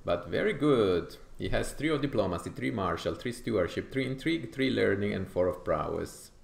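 A man's voice: fairly low pitch, animated, moderate pace, vocal fry, echoey room. A man from Italy with an Italian accent, thinking aloud with frequent fillers as he comments on his strategy game playthrough. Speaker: gaming YouTuber.

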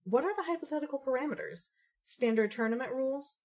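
A woman's voice: high voice, quick pace, darkish tone. A woman playing an aloof, witty young woman gamer who talks in dry, elaborate phrases. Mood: arch. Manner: arch, dry, elaborate wordplay.

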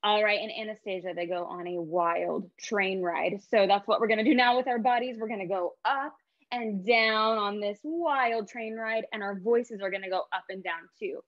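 A woman teaching artist leading a guided movement warm-up for children, upbeat and sing-song as she calls out each step. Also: mid-range voice, normal speed, no echo, highs cut off. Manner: upbeat, sing-song, leads call-and-response with voices.

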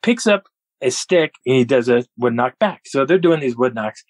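A man guest on a podcast, telling a story in an animated way and laughing often. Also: mid-range voice, normal speed, no echo, low-quality recording. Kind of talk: storytelling an encounter.

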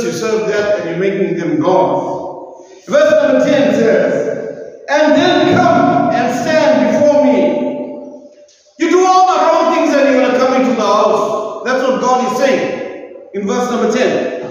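A man with a South African accent preaching a sermon as pastor, emphatic, with sing-song rises and repeated phrases. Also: very high-pitched. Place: church hall. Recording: echoey hall from far off, dull sound.

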